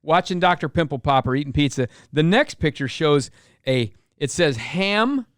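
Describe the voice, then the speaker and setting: A man's voice: on the high side, expressive, moderate pace, no echo, clean studio sound. A man hosting a podcast, rambling through a story with plenty of swearing. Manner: rambling, swears, reads timestamps aloud. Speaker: podcast host. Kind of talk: casual podcast chat.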